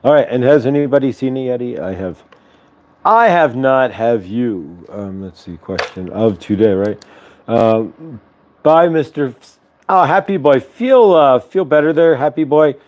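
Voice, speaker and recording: A man's voice: medium pitch, a little slow, a little mellow, lo-fi sound. A man hosting a spiritual morning livestream, talking loosely with many fillers and leading guided breathing on a clip-on mic at home. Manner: loose, rambling, full of filler words. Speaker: host of a spiritual morning show. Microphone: clip-on lapel mic.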